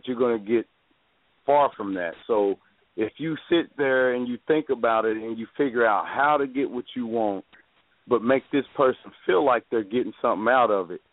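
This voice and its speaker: A man's voice: mid-range voice, dry recording. An older man on a talk show panel, speaking in a laid-back, repetitive way. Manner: laid-back, repeats himself. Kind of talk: casual radio talk. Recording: tinny phone-like dry sound.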